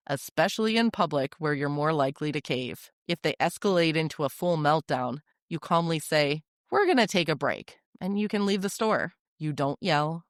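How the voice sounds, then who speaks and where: A podcast host giving calm, direct, scripted parenting advice in an instructive way. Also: medium pitch, no room sound, studio quality.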